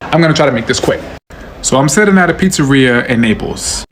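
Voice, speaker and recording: American guy quickly telling a story to his phone, medium voice. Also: mid-range voice, lively intonation, a little hiss or hum. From United States. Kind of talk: casual storytelling to camera.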